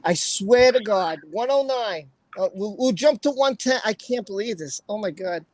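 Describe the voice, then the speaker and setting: A woman's voice: medium pitch, animated, moderate pace, darkish tone, no room sound, rough recording. A young woman hosting a casual live stream, laughing often and exclaiming a lot. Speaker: livestream host.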